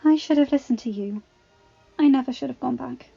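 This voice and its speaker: A woman putting on a frightened young heroine in a storybook reading, voice lifted high above her own and pushed loud, tearful and pleading with a shaky breath. The recording is slightly dull, with faint music underneath. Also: brisk, vocal fry, breathy edge, heavily acted. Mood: soft.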